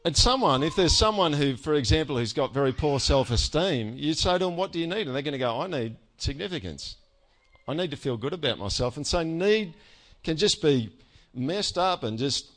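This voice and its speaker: Man preaching, casual sermon, mid-range voice, keeps asking "all right?", playful asides. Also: mid-range voice. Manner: conversational, frequent "all right?" check-ins; animated with self-mocking humor. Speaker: pastor.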